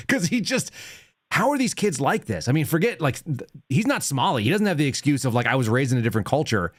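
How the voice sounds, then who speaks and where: A man's voice: mid-range voice, quick pace, no echo. Ranting male call-in show host. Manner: ranting, animated storytelling. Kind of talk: casual call-in show chat.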